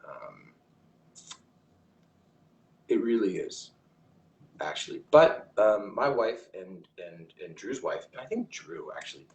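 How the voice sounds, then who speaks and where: A man's voice: lowish voice, sing-song, slow, pauses often, a little mellow. A man hosts a casual livestream from home, his voice rising and falling with animation as he reads comments aloud. He rambles and restarts often, and the room around him rings with a noticeable echo. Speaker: livestream host.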